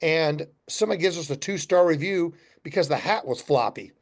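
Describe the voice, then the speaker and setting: A man's voice: a little high, lively intonation, fairly quick. A middle-aged man, a company founder guesting on a podcast, telling blunt, folksy stories and acting out both sides of customer conversations with some swearing. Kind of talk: casual storytelling interview.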